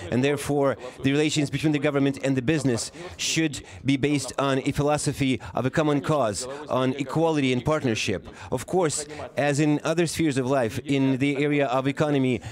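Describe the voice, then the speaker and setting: Man, simultaneous interpreter, formal speech, halting, self-correcting, mid-pitched voice.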